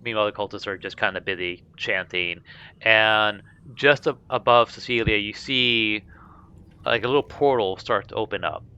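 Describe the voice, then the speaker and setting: Bright, clear-voiced male game master. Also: fairly low pitch, moderate pace, highs cut off. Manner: casual, loose narration with fillers and laughs. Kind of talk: narrating a tabletop game.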